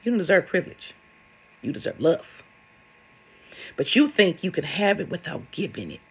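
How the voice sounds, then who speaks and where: A woman's voice: lowish voice, big pitch swings, normal speed, husky. A woman speaking as a spiritual love coach in a vlog monologue, blunt and sassy, swearing and firing rhetorical questions at her viewers.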